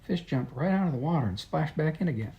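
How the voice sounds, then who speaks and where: A man's voice: a little high, animated, fast talker, warm tone, husky, muffled recording. A man reading a children's story told in letters, in plain, friendly storytelling. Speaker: storybook reader.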